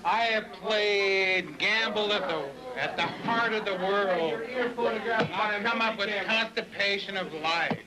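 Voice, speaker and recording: A man's voice: sits high, slow. A drunk middle-aged man talking crude, boastful and belligerent at a rowdy party. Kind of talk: drunken, crude bar talk. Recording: loud crowd in an archive tape. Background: loud crowd.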